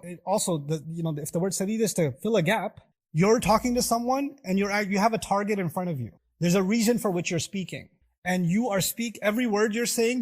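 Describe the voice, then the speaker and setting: A man's voice: high voice, a little mellow. A middle-aged man giving a sermon, asking the audience rhetorical questions and acting out quoted voices. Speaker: preacher.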